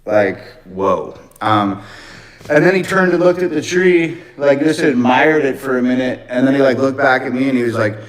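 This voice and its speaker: A man's voice: mid-range voice, normal speed, rough recording. Profane, rambling male storyteller. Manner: profane, rambling, animated retelling. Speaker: livestreamer telling a story. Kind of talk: casual storytelling.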